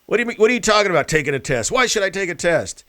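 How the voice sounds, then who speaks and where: A man putting on the voice of a flustered, defensive elderly male politician, high and rapid. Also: very animated, pushed and bright, heavily acted. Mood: indignant.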